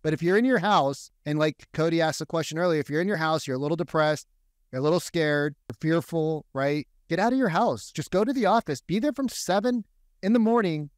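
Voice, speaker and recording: A man's voice: a little high, a little fast, no room sound. Profane storytelling man, dry studio sound. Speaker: real estate agent. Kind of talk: casual podcast chat.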